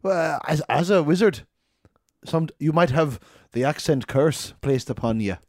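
High, lively male comedy storyteller. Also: a little slow, dry recording, clean studio sound. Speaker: comedy podcast co-host. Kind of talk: improvised comedy movie recap.

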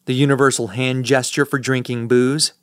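Smooth dry-voiced male audiobook narrator. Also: medium pitch, little pitch movement, normal speed, no room sound. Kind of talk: first-person audiobook narration.

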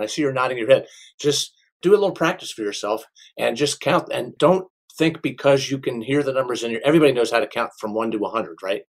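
A middle-aged man, an auctioneer, answering interview questions in an unhurried way, sometimes slipping into a rhythmic auction chant. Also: mid-range voice. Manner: unhurried, with restarts and a sing-song auction chant demo. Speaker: auctioneer and small business owner.

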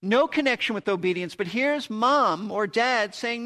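Earnest high-voiced male preacher. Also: lively intonation, a little slow, bright, forceful tone. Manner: earnest, emphatic, repeats key words. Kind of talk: radio Bible teaching.

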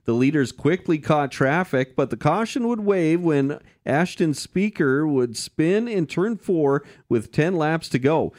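A man's voice: on the high side, animated, unhurried, hardly any pauses, darkish tone. A man co-hosting a racing podcast, reading schedules and chatting in an easygoing, hesitant way with frequent fillers. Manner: easygoing, hesitant with many uh's, chuckles. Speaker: podcast co-host. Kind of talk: casual chat and schedule reading.

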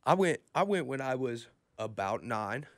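A man co-hosting a radio show, telling a story in a halting way and often repeating his words. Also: mid-range voice, very animated, fairly bright tone, no room sound, clean studio sound. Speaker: radio co-host. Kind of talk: casual radio chat. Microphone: studio microphone.

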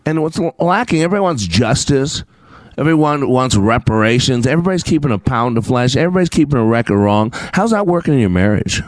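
A man's voice: medium pitch, animated, fast talker, no room sound. A man hosting a talk show, telling stories in a rambling, anecdotal way with many fillers and restarts, and bringing in scripture. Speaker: show host and customer service teacher. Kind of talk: casual spoken monologue with scripture.

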